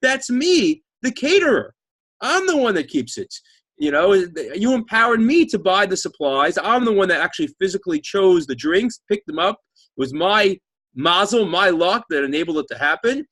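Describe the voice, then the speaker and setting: A man's voice: sits high, very animated, normal speed, fairly bright tone, no room sound, pitched above the performer's own voice, exaggerated voice. A man voicing a self-assured male caterer who argues emphatically. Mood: indignant.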